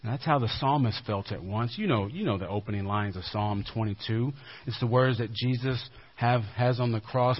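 A male pastor giving a sermon in a conversational way, dropping to a hushed low voice for emphasis. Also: moderate pace, breathy edge. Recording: dull lo-fi recording.

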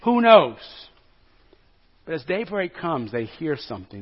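A man's voice: medium pitch, animated, moderate pace, breathy edge. A male pastor preaching a sermon to a congregation in a church, conversational and joking, often asking the listeners questions. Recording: dull lo-fi recording.

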